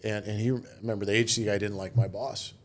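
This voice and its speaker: A man's voice: fairly low pitch, fairly even intonation, fast talker. A middle-aged man, a retired military officer, telling rambling anecdotes and quoting others in a casual interview. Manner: rambling anecdotes with quoted voices. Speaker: guest, retired Marine officer.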